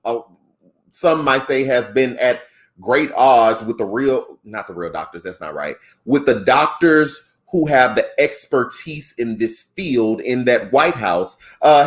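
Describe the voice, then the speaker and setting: A man with a Southern African American accent talks through the news as a podcast co-host. He is animated and conversational, with slangy asides. His voice sits at an ordinary middle pitch. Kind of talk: casual political commentary.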